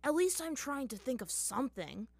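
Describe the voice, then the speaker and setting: A woman's voice: high-pitched, big pitch swings, normal speed, vocal fry, darkish tone, slightly rough, dry recording, pitched above the performer's own voice, exaggerated voice. A woman doing Zuko, a glum teenage prince. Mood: glum, pleading. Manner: glum, peacemaking.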